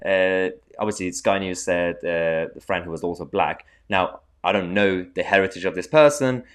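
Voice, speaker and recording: A man's voice: low voice, moderate pace, smooth. A man hosting a political commentary show, talking casually to his viewers in a sarcastic, mocking way with plenty of fillers.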